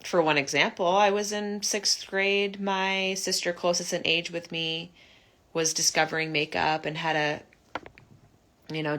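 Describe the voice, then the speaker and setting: A young woman telling her own recovery story in an earnest, heartfelt monologue, often halting and restarting. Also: low voice, sharp tone. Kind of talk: personal reflective monologue.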